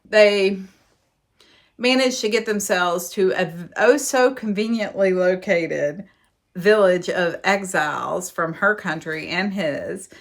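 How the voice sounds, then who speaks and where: A woman's voice: lowish voice, takes it slowly. A woman recapping a romance novel as host of a book show, with wry, sarcastic asides and dramatic emphasis. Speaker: book reviewer and podcast host.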